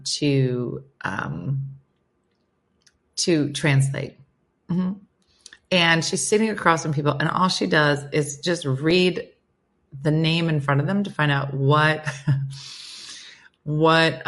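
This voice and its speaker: A woman's voice: low-pitched, a bit bright. A middle-aged American woman hosting a casual morning live stream, chatting and rambling to her viewers in a self-deprecating way.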